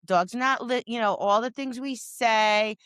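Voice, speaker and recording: A woman's voice: on the high side, a little slow, fairly bright tone, clear, resonant tone, no echo. A woman dog trainer co-hosting a podcast, talking casually and animatedly, acting out her dog's replies and scolding owners with exasperation. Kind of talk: casual chat.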